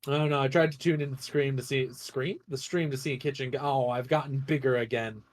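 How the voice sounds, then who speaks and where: A man's voice: medium pitch, fairly even intonation, a little fast. A man streaming a game, chatting casually in a rambling way, often laughing and breaking off his own sentences. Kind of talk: casual chat while playing a game.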